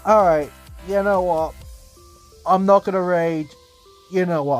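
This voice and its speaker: A young man giving casual commentary over football game highlights, exasperated and swearing about his team. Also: a little slow, faint music behind. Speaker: gaming YouTuber.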